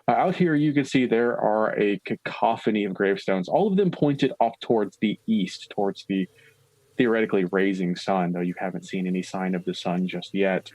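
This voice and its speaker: A man narrating a tabletop game as game master, giving lively scene descriptions. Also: lowish voice, moderate pace, no echo, rough recording.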